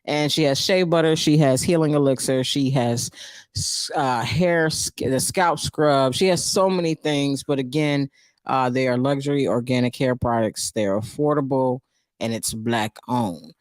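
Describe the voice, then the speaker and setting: A woman's voice: rumbling low, unhurried, dry recording, studio quality. A woman with a New York accent hosting her own live stream, casually recapping a book and reacting to viewers in a chatty, loose way. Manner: chatty and loose, reacting to chat, frequent fillers.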